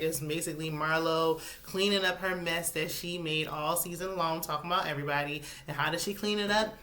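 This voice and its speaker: A woman hosting a reality TV recap in a casual, sassy chat, with sudden high-pitched exclamations. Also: a bit bright.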